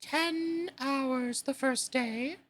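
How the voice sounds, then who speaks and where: A woman voicing a melancholy old male Mock Turtle, drawing out her words slowly with sighs. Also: high voice, a bit bright, a little hiss or hum, voice pushed up, full character voice. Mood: mournful. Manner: slow, drawn-out, sighing delivery.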